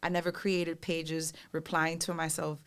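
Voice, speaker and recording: A woman musician, a guest on a podcast, chatting casually and telling animated stories in which she acts out other people's voices. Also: deep voice, a little slow, smooth. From New York. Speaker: recording artist guest.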